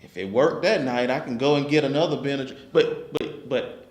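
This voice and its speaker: A man leading a group talk, speaking in a measured, halting way. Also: mid-range voice, a little mellow, echoey room. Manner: measured, halting, restarts phrases. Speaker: group discussion host.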